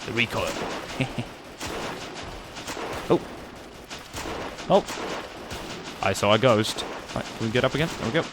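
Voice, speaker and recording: A man's voice: mid-range voice, animated, moderate pace, pauses often, background noise. A man giving casual, rambling gameplay commentary, musing aloud and swearing now and then. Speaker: gaming channel host.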